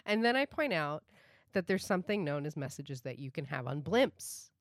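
A woman co-hosting a casual comedy podcast from a home office, playful and quick to giggle. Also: low voice, big pitch swings, no echo, clean studio sound. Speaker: podcast co-host and producer.

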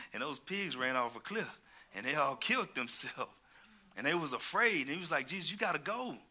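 A male preacher in full sermon, his voice bright, sharp and pressing forward. He calls out to the people in front of him and moves between loud exclamations and low, quick asides. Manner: calls out to the congregation.

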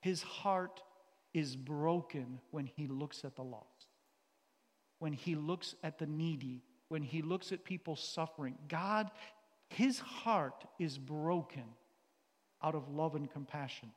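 A man preaching a sermon to a gathered audience, impassioned, swinging between loud outbursts and quiet earnest stretches. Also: a little high, slow. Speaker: teacher and pastor. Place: church or hall. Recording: long reverb of a hall.

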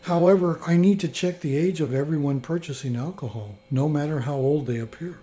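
Guy doing a firm polite lady store manager, calm, mellow tone. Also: fairly high pitch, fairly quick, natural voice.

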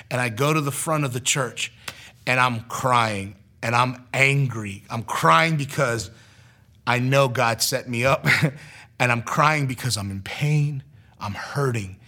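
A man's voice: medium pitch, measured pace. A young man casually telling a personal testimony, using lots of fillers and acting out quoted lines in a raised voice. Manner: animated, acts out quotes in a raised voice; casual, filler-heavy with frequent likes.

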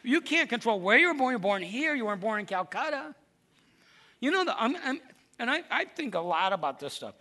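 A man preaching a lively, emphatic sermon to a congregation. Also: very high-pitched, a little fast. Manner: lively storytelling, animated and emphatic.

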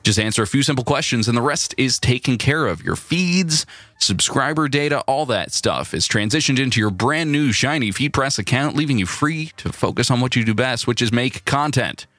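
Man, podcast co-host, casual jokey, bright tone, animated pitch. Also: normal speed, no room sound, faint music behind. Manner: joking, stumbling restarts. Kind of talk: casual chat and ad read.

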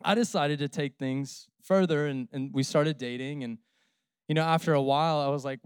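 Pastor in his thirties, man, humorous conversational preacher, smooth voice, dry close sound. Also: a little high, normal speed, no echo. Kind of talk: sermon.

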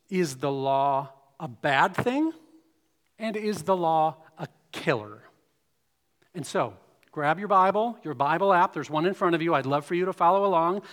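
A man's voice: a little high, a bit bright. Man preaching in a reverberant hall. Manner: expository preaching, reads scripture aloud. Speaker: pastor. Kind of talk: sermon.

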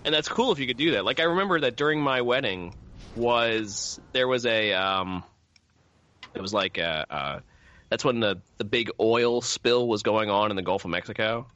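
Bright-voiced man rambling in casual chat. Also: medium pitch, lively intonation, moderate pace. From New Jersey. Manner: rambling, many fillers and restarts. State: coughing lately. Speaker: podcast co-host. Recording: dull lo-fi recording.

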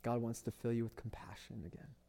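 A man's voice: medium pitch, fairly even intonation, fairly quick, vocal fry. A man, a pastor preaching a sermon with impassioned storytelling and repeated phrases for emphasis.

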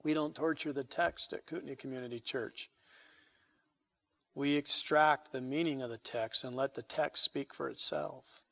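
A man preaching a sermon as pastor, emphatic, swelling loud on key phrases and dropping soft at the ends of lines. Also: medium pitch, steady tone, normal speed, creaky.

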